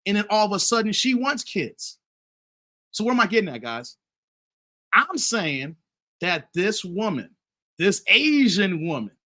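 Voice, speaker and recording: Hosting a laid-back commentary live stream, this middle-aged man speaks in a high, bright, forward voice. He talks straight to his audience as "guys" and "fellas" in an animated way, and his sentences frequently trip, repeat, and start over.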